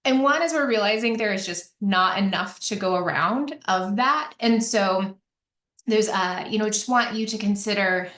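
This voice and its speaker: A woman's voice: mid-range voice, normal speed, a bit bright. A woman giving a conversational webinar presentation, with frequent fillers and restarts. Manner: chatty, many fillers and restarts. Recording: echoey room.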